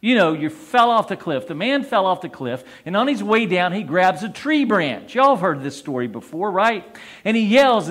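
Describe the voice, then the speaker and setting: A man's voice: high-pitched, very animated, normal speed, fairly bright tone. A man, a priest, preaching a conversational sermon and asking his congregation questions.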